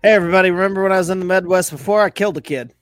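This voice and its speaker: A man doing a deadpan impression of a college football coach greeting a crowd. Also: high voice, racing, soft background music, natural voice.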